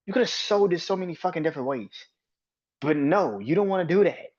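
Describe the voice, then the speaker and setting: A man's voice: a little high, expressive, brisk, a little mellow, breathy edge, muffled recording. A man hosting a solo wrestling podcast, ranting with heavy swearing and exasperated rhetorical questions. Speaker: podcast host.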